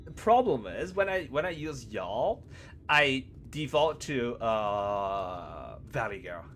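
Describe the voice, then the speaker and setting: A man's voice: medium pitch, expressive, takes it slowly, fairly bright tone, faint music behind. Playful laughing male game streamer. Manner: playful, laughing, self-mocking, switches between English and Japanese. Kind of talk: casual live-stream chat.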